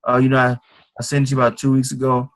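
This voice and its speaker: A man acting out a shy, low-energy caller who hesitates and mumbles through a sales call. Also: completely flat delivery, fast talker, close to an everyday voice. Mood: listless. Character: timid, flat-voiced man making a sales call.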